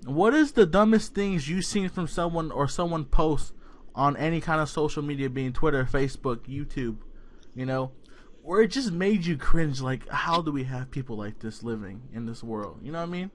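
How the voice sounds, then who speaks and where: A man's voice: a little high, moderate pace. A man co-hosting a podcast in casual debate, blunt and scornful, swearing freely. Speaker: podcast co-host.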